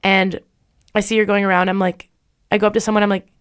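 A woman's voice: medium pitch, level tone, fast, clean tone. A young woman hosts a casual podcast, telling a story in a chatty way with frequent "like". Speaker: podcast host.

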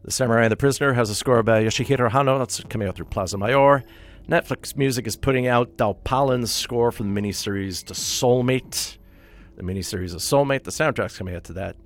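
A man's voice: mid-range voice, fairly quick. A man hosting a radio show, reading out a list of soundtrack releases in a casual, wry way and correcting himself as he goes. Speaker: radio host.

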